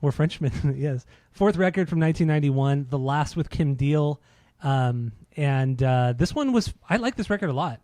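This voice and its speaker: A man's voice: a little high, expressive, moderate pace, mellow, no room sound. A man co-hosting a casual music podcast, laid-back and swearing, laughing often. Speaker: podcast co-host.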